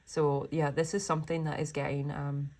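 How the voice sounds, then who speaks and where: A young woman reading tarot cards for her viewers, with a voice that sits a little low for a woman. She gushes with feeling and rambles through her thoughts, full of little fillers and restarts. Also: level tone, moderate pace, darkish tone. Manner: gushing, emotional, rambling with many fillers. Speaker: tarot reader. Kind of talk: pick-a-card tarot reading.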